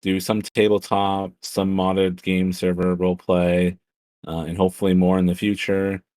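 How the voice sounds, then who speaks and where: A man introducing himself as a player in a tabletop stream, jokey and quick to laugh. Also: low voice, level tone, a little mellow, no echo. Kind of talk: casual chat.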